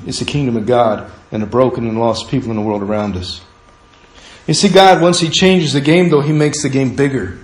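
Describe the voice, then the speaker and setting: A male pastor preaching a sermon, acting out both sides of people's prayers to God with lively emphasis. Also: medium pitch. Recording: echoey hall, mic far off.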